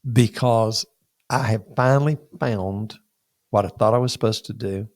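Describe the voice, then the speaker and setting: A man, a pastor telling a personal story in an interview, animated and acting out the dialogue. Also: fairly low pitch, moderate pace, no echo, studio quality. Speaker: pastor and podcast guest.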